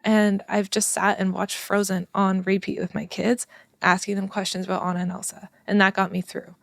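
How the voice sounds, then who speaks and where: Earnest woman with a gravelly edge. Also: medium pitch, flat delivery, moderate pace, no echo, studio quality. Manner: earnest and passionate, laughs often. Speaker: parenting educator and former child therapist. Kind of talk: conversational podcast chat.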